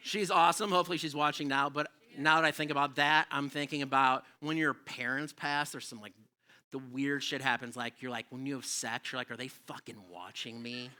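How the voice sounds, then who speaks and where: A man's voice: on the high side, steady tone, a little fast, bright, forceful tone. A middle-aged man performing a live stand-up set in a comedy club, rambling and self-deprecating and swearing freely.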